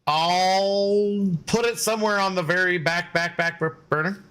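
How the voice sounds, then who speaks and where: A man's voice: sits high, fairly even intonation, a little slow, pushed and bright, clean tone. Joking, rambling streamer man. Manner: rambling, joking, reads and answers chat. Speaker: gaming streamer. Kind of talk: casual live-stream chat.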